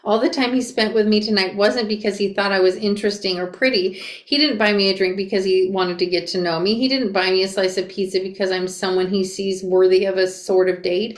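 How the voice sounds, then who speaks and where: A young woman reading a memoir aloud and reacting to it, expressive and flustered as she re-enacts the narrator. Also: mid-range voice. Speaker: reader and reaction creator. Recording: echoey room.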